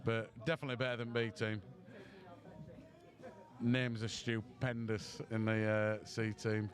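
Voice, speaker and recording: A man's voice: lowish voice, completely flat delivery, unhurried, crowd noise. A man, tipsy, giving rambling, self-mocking commentary on a pool match stream.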